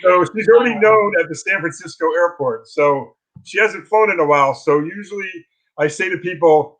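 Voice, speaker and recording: A man with a slightly high voice talks as a guest on a video call. He tells anecdotes in a lively way, often restarting phrases. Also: normal speed, rough recording. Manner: animated storytelling with restarts. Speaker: guest, philosophy teacher. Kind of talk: casual interview talk.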